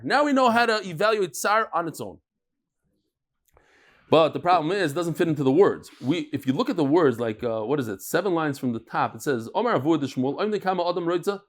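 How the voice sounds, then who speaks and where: Leading a daily Talmud class, this teacher speaks in a slightly high voice. He shifts quickly from explaining a case to telling a folksy joke, and he scatters Yiddish words through his lively storytelling.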